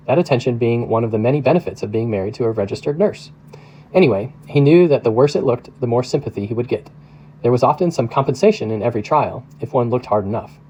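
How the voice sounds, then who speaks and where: Pastor as audiobook narrator: mellow, even, measured man. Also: medium pitch, a little hiss or hum, poor audio. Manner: steady, measured reading. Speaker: pastor reading a novel aloud.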